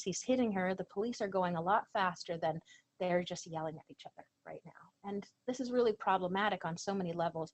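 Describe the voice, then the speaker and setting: A woman's voice: mid-range voice, low-quality recording. A woman presenting a training lecture, earnest and emphatic. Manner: earnest, emphatic, reads out quoted lines.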